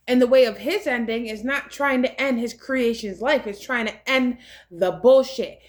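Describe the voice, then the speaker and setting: A woman's voice: fairly high pitch, normal speed. A woman vlogger in a loose monologue, preachy and defiant, drifting between half-sung lines and plain talk. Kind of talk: improvised sung and spoken monologue.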